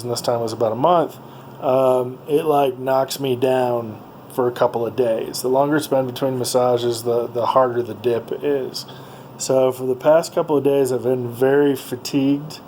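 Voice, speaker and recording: A man's voice: medium pitch, dark tone, a little hiss or hum, low-quality recording. A man casually telling stories from a road trip, rambling with many ums and uhs. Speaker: vlogger. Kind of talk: casual travel storytelling.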